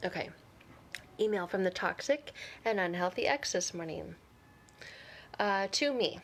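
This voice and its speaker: A woman vlogger talks straight to camera in a casual, candid way. She is blunt and sarcastic and laughs often. Her voice sits at a middle pitch. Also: expressive, a little slow, pauses often, slight background noise.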